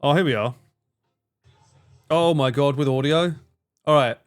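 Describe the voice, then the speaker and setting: A man's voice: fairly high pitch, measured pace, clean tone. A man streaming live, chatting casually with his viewers, swearing freely, laughing and bantering.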